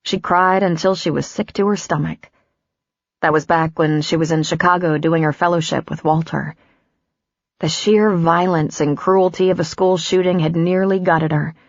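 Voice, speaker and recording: A woman narrating an audiobook in a measured, even storytelling voice. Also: on the low side, no room sound, highs cut off. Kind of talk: scripted narration.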